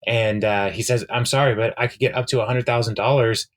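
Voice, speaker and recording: A man chatting on a podcast, recapping a TV episode with plenty of ums and uhs. He retells scenes and quotes the characters as he goes. His voice sits at an ordinary middle pitch. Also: fairly even intonation, fast talker. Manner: rambling, many fillers, retells scenes with quoted lines. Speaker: podcast co-host. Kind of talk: casual chat recapping a TV episode.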